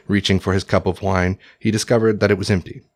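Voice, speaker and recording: A man narrating a historical story in a measured, formal audiobook style. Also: low voice, flat delivery, no room sound.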